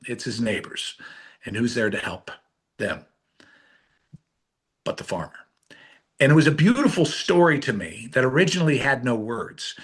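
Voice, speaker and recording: A middle-aged man, an author and illustrator, telling his story in an interview, swinging between hushed and excited delivery. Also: mid-range voice, breathy edge.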